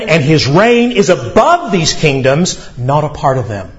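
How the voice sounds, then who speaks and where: A male pastor delivering a sermon, preaching emphatically with dramatic pauses. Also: a little high, very animated, dull audio.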